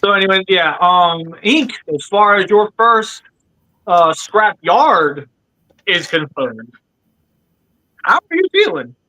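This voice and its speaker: A man hosting a livestream podcast in casual chat, animated and joking, calling his guests by nicknames. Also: sits high, takes it slowly, pauses often, rough recording. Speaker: podcast host.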